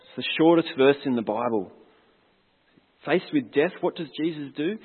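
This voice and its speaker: A man's voice: a little high, animated, moderate pace, husky. A man preaching a sermon as a pastor, earnest and reflective, putting questions to his congregation. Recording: long hall reverb, tinny phone-like sound.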